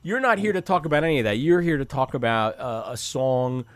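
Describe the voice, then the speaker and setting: A man's voice: mid-range voice, animated, fairly quick, clean tone, no room sound. A man hosting a radio interview, talking loosely and jokily, often trailing off mid-sentence. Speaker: radio host. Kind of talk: casual radio chat.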